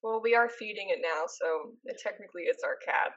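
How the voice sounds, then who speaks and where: A woman's voice: mid-range voice, fairly quick. Laid-back young woman, slightly muffled. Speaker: podcast co-host. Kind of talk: casual chat.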